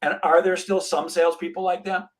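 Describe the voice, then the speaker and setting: A middle-aged sales trainer, appearing as a podcast guest, tells an animated story and acts out the dialogue. His voice sits high and moves fairly quickly, though the audio quality is poor.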